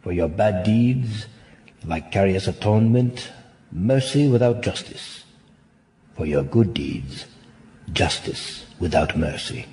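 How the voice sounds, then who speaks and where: A man's voice: deep voice, expressive, slow, a little mellow, heavily acted. An actor playing a weary, sardonic nobleman damned to hell, in a classic stage-play delivery. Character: weary, ironic damned nobleman, male adult.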